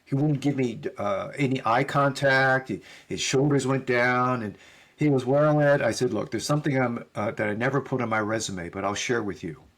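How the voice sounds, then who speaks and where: A man's voice: mid-range voice, moderate pace, fairly bright tone. A middle-aged man, a podcast guest, telling a story in conversation and acting out both sides of the dialogue.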